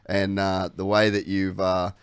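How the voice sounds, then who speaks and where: A man's voice: deep voice, completely flat delivery, measured pace, clean tone, dry recording. A young Australian man hosting a podcast, chatting casually with sweary, slangy banter. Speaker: podcast host. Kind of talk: casual chat.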